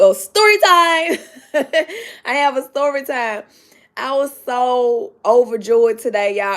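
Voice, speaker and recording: This is a young woman, hosting a livestream in a casual, chatty way. Her voice sits a little high, and she is excitable even though she says she is halfway sleepy. She keeps greeting viewers by name and repeats herself as she talks. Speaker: livestream host.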